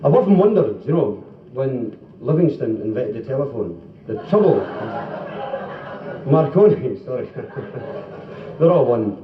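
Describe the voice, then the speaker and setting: Captured on a dull, distant, roomy live tape from the 1970s, a Scottish man performs chatty stand-up for a club crowd, who laugh in the background. His medium-pitched voice is sing-song and measured, and he puts on stammering characters in his jokes.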